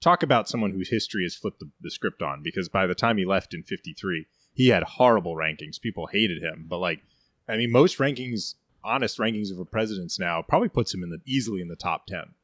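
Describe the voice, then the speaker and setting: A man's voice: low voice, expressive, fast, a bit bright, dry recording, studio quality. A man co-hosting a casual history podcast, talking loosely and correcting himself as he goes. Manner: rambling, self-correcting, lots of "like" and "I mean". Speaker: podcast co-host.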